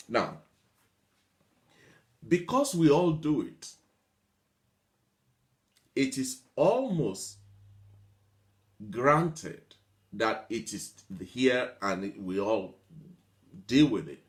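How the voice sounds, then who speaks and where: A man's voice: mid-range voice, very animated, slow pace, long pauses. Man giving a motivational talk, repeating lists. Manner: repetitive, builds long lists of examples; mimics complainers in a whiny voice. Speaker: motivational speaker.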